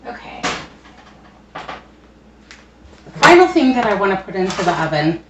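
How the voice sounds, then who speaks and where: A woman's voice: medium pitch, sing-song, a little slow, dull audio. A woman in her home kitchen, chatting casually and rambling with fillers as she cooks. The room sounds roomy and echoey, and she stands a little back from the mic, with a faint background hum. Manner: rambling and thrifty, lots of fillers and asides. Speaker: home cooking vlogger. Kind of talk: casual kitchen how-to chat. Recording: roomy echo, distant mic, faint noise.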